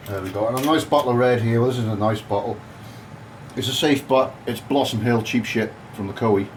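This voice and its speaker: Cheeky crude home cook. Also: male voice, medium pitch, brisk, a little mellow, a little hiss or hum, low-quality recording. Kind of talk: casual cooking demonstration. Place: home kitchen.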